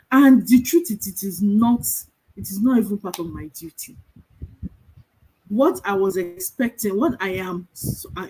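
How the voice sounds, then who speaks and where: A middle-aged woman, giving a calm motivational talk as a virtual assistant coach, telling stories and asking rhetorical questions. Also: medium pitch, breathy edge, low-quality recording.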